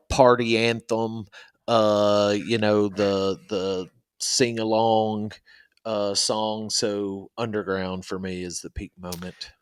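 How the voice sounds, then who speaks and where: A man co-hosting a casual music podcast, halting and searching for words as he talks. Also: on the low side, smooth, dry recording, clean studio sound. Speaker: podcast co-host. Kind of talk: casual chat about music.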